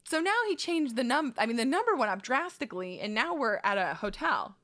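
A woman comedian co-hosting a chat show, telling a story in a lively way and acting out what people said. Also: on the high side, a little fast. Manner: animated, laughing storyteller acting out quotes. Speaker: comedian and podcast co-host.

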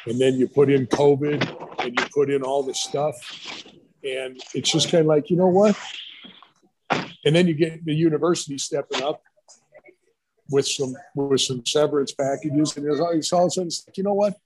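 A man's voice: fairly high pitch, steady tone, normal speed, noisy background. A middle-aged man, a retired football coach, telling long rambling anecdotes in a casual interview and acting out what others said to him. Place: brewery.

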